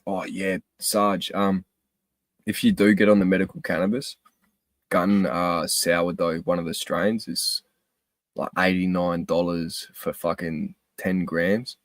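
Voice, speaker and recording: A man's voice: deep voice, flat delivery, measured pace, no echo. A young Australian man chatting on a live stream, laid-back and sweary, laughing a lot. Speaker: livestream host. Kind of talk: casual live-stream chat.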